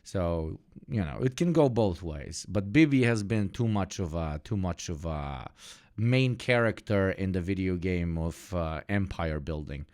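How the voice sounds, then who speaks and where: A man's voice: deep voice, lively intonation, measured pace, darkish tone, dry recording, clean studio sound. A man streaming live, reacting to news clips with sardonic, jokey commentary, swearing and laughing as he goes.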